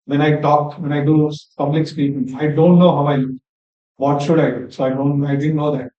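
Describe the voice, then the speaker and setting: A man's voice: a little high, steady tone, a little fast. A young man joining a workshop to share public speaking tips, hesitant and full of fillers. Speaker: workshop participant. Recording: dull, roomy sound from far off the mic.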